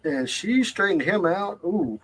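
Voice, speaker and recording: A man with a slightly higher voice chats casually about his family. He stresses his points emphatically. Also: expressive, measured pace, fairly bright tone, poor audio. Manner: chatty, emphatic storyteller. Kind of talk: casual chat.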